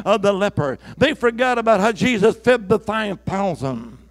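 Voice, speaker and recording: A man preaching a sermon as pastor, calling out to the congregation, swinging from shouts to hushed whispers. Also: high-pitched, creaky.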